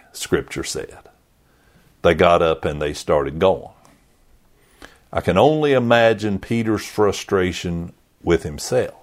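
A man preaching a sermon, retelling a story with drama and acting out characters' thoughts. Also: sits low.

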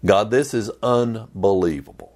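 A man's voice: fairly low pitch, unhurried, darkish tone, natural voice. A man playing Jonah, a whiny, exasperated prophet.

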